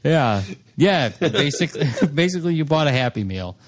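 A man playing a tabletop game, with wry, deadpan comments. His intonation is lively, rising and falling a lot. The recording is dry and close. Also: on the high side, normal speed, dry recording. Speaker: player. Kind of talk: casual tabletop game chat.

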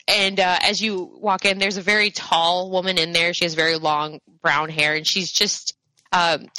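A woman's voice: on the low side, sharp tone, dry recording, low-quality recording. A woman narrating a tabletop game as game master, rambling with many fillers.

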